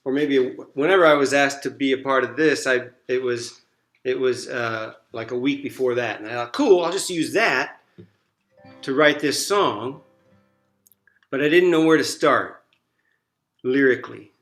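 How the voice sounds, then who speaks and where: A man introducing his own song in a soft, halting, rambling way, joining over a video call from home. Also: mid-range voice, faint music behind. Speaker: singer-songwriter performer. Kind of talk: casual spoken song introduction. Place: at home in Virginia, joining remotely.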